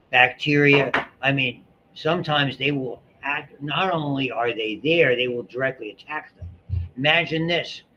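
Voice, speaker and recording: A man's voice: medium pitch, bright, forceful tone. Middle-aged man, biology lecture, rambling asides, classroom recording, muffled sound, light hiss. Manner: chatty, digressive, many restarts and asides. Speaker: biology instructor.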